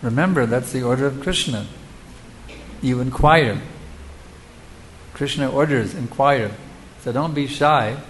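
Mid-range and a little slow, with long pauses, this man's voice comes through poor audio with slight background noise. A spiritual teacher in a devotional lecture, he answers audience questions emphatically and rhetorically, often turning questions back on his listeners.

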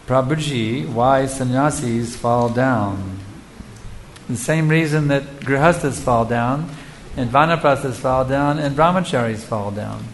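A man's voice: mid-range voice, a little slow, slight background noise, rough recording. A man who is a spiritual teacher, answering audience questions in a devotional lecture. He speaks rhetorically and emphatically, often asking his listeners questions.

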